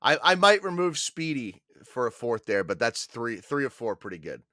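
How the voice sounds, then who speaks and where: A man's voice: mid-range voice, sing-song, normal speed, bright, forceful tone, dry recording, studio quality. A man co-hosting a movie podcast, casual and laid-back, swearing freely. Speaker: podcast co-host. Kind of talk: casual chat.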